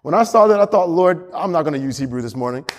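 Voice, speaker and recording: A man's voice: fairly high pitch, expressive, fast. A male pastor preaching a sermon with emphatic repetition and frequent chuckles. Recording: long hall reverb.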